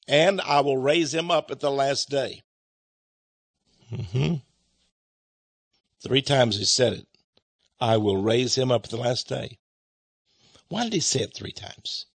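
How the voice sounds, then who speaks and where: A male preacher with a high, swooping voice, reading scripture and explaining it with emphasis. He fires rhetorical questions at his listeners and chuckles between points. The recording is dry and close, with no room sound. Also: fairly bright tone, dry recording.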